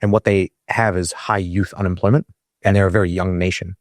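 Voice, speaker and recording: A man's voice: low voice, level tone, a little fast, no room sound, clean studio sound. A man co-hosting a podcast in casual chat, rambling with lots of restarts and fillers. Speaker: podcast co-host.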